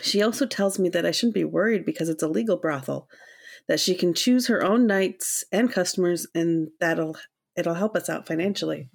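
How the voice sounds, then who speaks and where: Female co-host, low-ish voice, steady supportive advice and letter reading. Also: moderate pace, creaky. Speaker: podcast co-host. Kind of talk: casual advice chat, reading listener letters.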